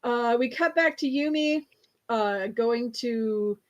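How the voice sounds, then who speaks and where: A woman talks through an episode recap in a loose, rambling way, full of fillers and quick self-corrections. Her voice sits a little high, and she giggles easily as she goes.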